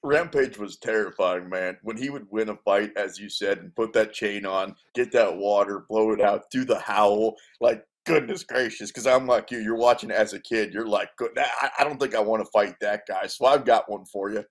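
A man's voice: fairly low pitch, moderate pace, hardly any pauses. A man hosting a sports radio show, talking emphatically and hyping up each pick in casual banter.

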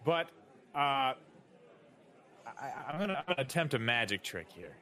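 A man's voice: medium pitch, very animated, normal speed, pushed and bright. A young man co-hosting a casual podcast, playful and hammy, hyping up his own antics. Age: young adult. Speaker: podcast co-host.

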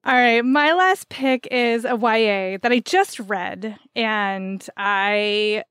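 A woman's voice: fairly high pitch, takes it slowly, smooth, no echo, clean studio sound. A woman co-hosting a podcast, chatting casually and enthusiastically about books with lots of "like" fillers. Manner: animated, filler-heavy, enthusiastic. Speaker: podcast co-host. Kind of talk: casual book-recommendation chat.

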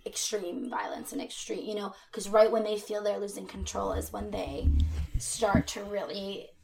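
Gravelly woman recounting a true crime case. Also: medium pitch, fairly even intonation, moderate pace, a little mellow, slight background noise. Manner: conversational, with fillers and asides. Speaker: podcast co-host. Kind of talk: true crime podcast narration.

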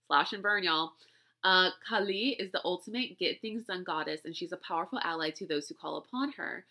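Female podcast host, very bright tone, casual rambling monologue with frequent laughs. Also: lowish voice, a little fast. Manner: chatty, rambling, laughs often.

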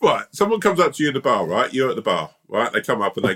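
A man's voice: on the low side, big pitch swings, fast, few pauses, bright, forceful tone, breathy edge. A man co-hosting a podcast, telling stories in a casual chat. He laughs often and acts out bits of dialogue. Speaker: podcast co-host.

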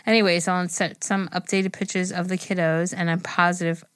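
A woman co-hosting a podcast in casual chat, teasing and quick to laugh. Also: on the low side, level tone, clean tone, no echo, clean studio sound. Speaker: podcast co-host.

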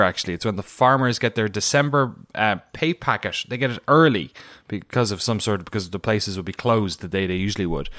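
An Irish man co-hosts a podcast, chatting casually and ramblingly with many fillers and self-deprecating asides. His voice is on the low side and a bit bright, recorded cleanly in a studio with no room sound.

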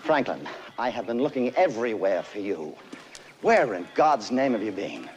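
An actor playing a blunt, loud, impatient revolutionary statesman in a musical film clip, exasperated and shouting. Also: on the low side, very animated, normal speed, lo-fi sound, a little hiss or hum. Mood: irritated. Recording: film clip with faint ambience.

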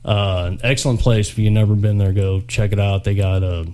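A man chatting as a podcast guest, telling stories in a relaxed, rambling way. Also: lowish voice, a little fast. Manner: easygoing, rambling storyteller. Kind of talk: casual chat.

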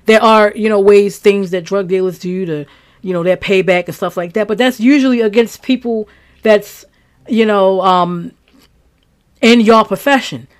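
A woman's voice: mid-range voice, normal speed. A woman from Maryland hosting a true crime podcast, talking in a blunt, outspoken, casual way.

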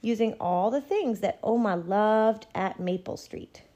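A woman voicing an eager, hopeful little girl in a storybook reading, pitched high. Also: a little slow, muffled recording, close to an everyday voice. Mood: earnest. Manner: high, bright and pleading.

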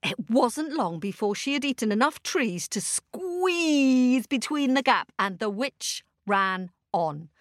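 A woman's voice: fairly high pitch, lively intonation, slow, few pauses, no room sound, clean studio sound. A woman telling a children's story aloud, asking the young listeners questions and making sound effects.

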